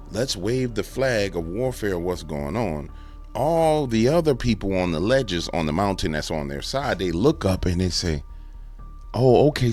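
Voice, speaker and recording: A man with a low voice hosts a fiery commentary show. He rants fervently, and his pitch swings all over as he goes. There is faint music underneath. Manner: animated, fervent, ranting. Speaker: host.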